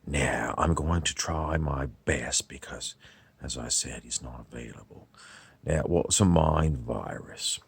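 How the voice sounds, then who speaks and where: A man putting on a rambling older novelist, halting and apologetic, in a comic impression monologue. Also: rumbling low, vocal fry, husky, dry recording, heavily acted.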